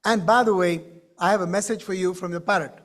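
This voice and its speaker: A man's voice: high voice, steady tone, brisk, fairly bright tone. A man doing a kindly travelling fruit trader. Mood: gentle. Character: kindly middle-aged male dried-fruit trader.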